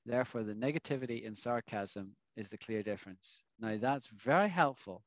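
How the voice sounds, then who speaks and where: A man's voice: fairly low pitch, normal speed, no echo. A man leads an online English lesson over a video call. His voice sounds dry and a little dull. He explains expressions patiently and keeps checking in with the class. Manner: explanatory, asks the class questions. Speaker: English teacher.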